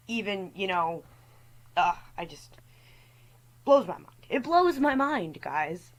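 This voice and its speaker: A woman's voice: lowish voice, expressive, normal speed, rough recording. A woman hosting a storytime rant as a voice-over, talking in an exasperated way and mimicking the people in her stories. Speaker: storytime host.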